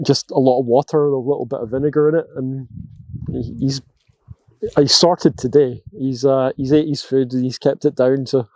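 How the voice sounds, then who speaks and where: Relaxed man aboard a sailboat. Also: medium pitch, dry recording. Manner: relaxed, rambling, chatty with his dogs. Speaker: sailing vlog co-host. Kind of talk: casual vlog chat.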